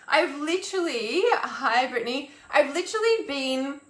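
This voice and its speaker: A woman's voice: sits high, lively intonation. A young woman ranting angrily on a live stream, swearing and restarting her sentences as she talks about reaching her limit. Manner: fuming, swearing, halting restarts. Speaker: intuitive healer and mentor, live streaming. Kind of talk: angry live-stream rant. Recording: echoey room.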